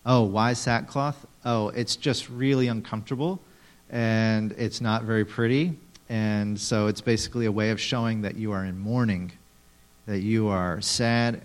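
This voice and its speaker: A man preaching a sermon to a live group, teaching in a lively way and acting out quotes with sudden loud, dramatic outbursts. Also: fairly low pitch, moderate pace. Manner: animated, acts out quotes dramatically, talks to audience members. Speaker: pastor.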